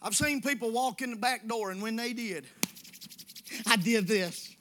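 A man preaching in church, folksy and conversational, swinging from hushed asides to shouting. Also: extremely high pitch, brisk. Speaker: pastor. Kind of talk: sermon. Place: church sanctuary.

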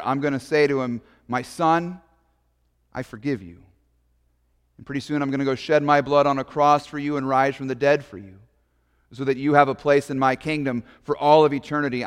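A man voicing a tender, forgiving male savior who speaks gently and quietly. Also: fairly high pitch, clean tone, in a large hall, natural voice. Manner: soft, gentle, hushed.

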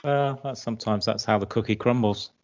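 A man with a fairly low voice co-hosts a podcast, delivering dry, wry quips. The sound is a bit dull and lo-fi. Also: fairly quick. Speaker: podcast co-host. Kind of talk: casual chat.

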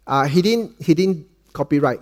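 Male preacher, middle-aged, Malaysian English accent, slightly high voice, storytelling sermon with dad jokes. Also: animated, normal speed, slight background noise. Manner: dips soft and low for quoted lines, cracks dad jokes.

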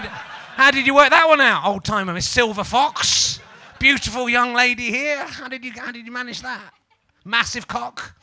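Yorkshire comic guy, high bright voice, rambling and sweary, riffing with the audience at a live podcast. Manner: rambling, sweary, teasing the crowd. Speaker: stand-up comedian and podcast host. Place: small comedy venue with live audience.

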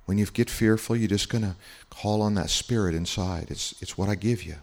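A man voicing a tender, loving Jesus who speaks softly and gently to a child during a guided meditation. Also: on the low side, normal speed, creaky. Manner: soft, hushed and gentle.

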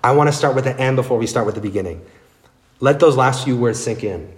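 A man's voice: medium pitch, quick pace. Man preaching a sermon, earnest and direct, roomy church echo. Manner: earnest, direct address to listeners. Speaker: pastor.

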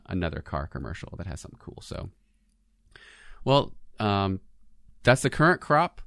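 Podcast co-host, male, relaxed chatter, somewhat low pitch. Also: creaky, dry recording, studio quality. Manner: chatty, laughs easily, trailing restarts. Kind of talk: casual chat about commercials.

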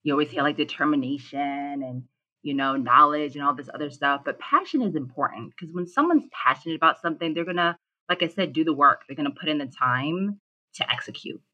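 A woman with a low, bright voice answers interview questions, laying out her advice in a measured, emphatic way. The recording sounds slightly dull. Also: expressive. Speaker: guest.

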